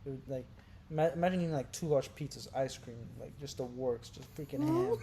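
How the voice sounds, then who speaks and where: A man swaps crude stories with a friend, his voice dropping low and mumbly and then jumping to loud, laughing shouts. He sits at an average pitch for a man. A faint hum of noise sits under the chat. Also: fairly quick. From Brazil. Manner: animated, gets loud and laughing when telling wild stories. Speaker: podcast co-host. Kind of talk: casual storytelling chat.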